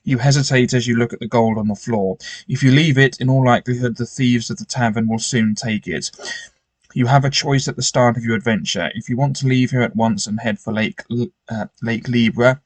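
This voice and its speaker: A man's voice: medium pitch, fairly quick, no echo. Man reading a gamebook, dry sound. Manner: hesitant, stumbles and restarts while reading. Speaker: gamebook player. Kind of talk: reading a gamebook aloud with commentary.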